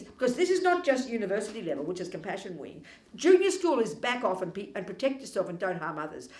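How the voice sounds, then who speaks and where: Emphatic woman teacher in an echoey hall. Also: a little high. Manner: animated, emphatic, provocative and ironic. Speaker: Buddhist teacher. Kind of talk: dharma teaching. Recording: echoey room.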